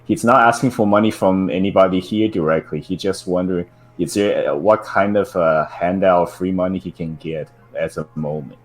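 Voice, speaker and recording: A man co-hosting a live stream, reading out chat messages in a hesitant, halting way. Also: sits low. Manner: hesitant, halting, searching for words. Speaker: co-host reading chat donations.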